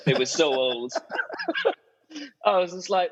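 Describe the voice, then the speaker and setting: An Irish man, a guest on a podcast, telling stories in a casual, lively way and acting out the voices of people he quotes. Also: a little high, moderate pace, muffled recording. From Ireland. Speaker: guest, sailing photographer.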